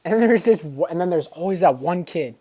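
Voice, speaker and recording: A man's voice: on the high side, lively intonation, normal speed, warm tone, husky. A young man speaks casually to his audience, full of slang and loose energy. He tells old school stories and acts out the voices of the people in them. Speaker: vlogger. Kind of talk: casual storytelling.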